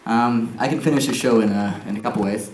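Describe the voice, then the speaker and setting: A man's voice: lowish voice, fairly quick, a little mellow, slight background noise. Hesitant man talking on an echoey stage. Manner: hesitant, dry, full of ums. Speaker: stage performer. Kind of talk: live stand-up style monologue. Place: theater stage. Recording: echoey live theater stage.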